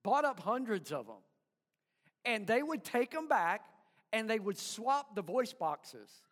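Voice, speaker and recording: A man preaching a sermon, telling a story with chuckles and halting restarts. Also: sits high, very animated, a bit bright, in a large hall. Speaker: pastor.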